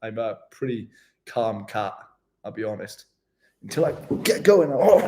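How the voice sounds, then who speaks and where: A young man with a Welsh accent talks casually to his viewers on a travel vlog stream. He is relaxed and chatty, full of slang, with a voice pitched right in the middle of the range. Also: normal speed. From Wales. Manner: laid-back, chatty, slangy, laughs often. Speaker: travel vlogger. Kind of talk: casual livestream chat reading comments.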